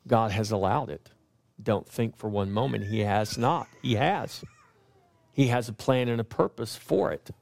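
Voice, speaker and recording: A man preaching a sermon as pastor, pressing his points with repeated lines and slowing down when he quotes scripture. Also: fairly low pitch, vocal fry, darkish tone.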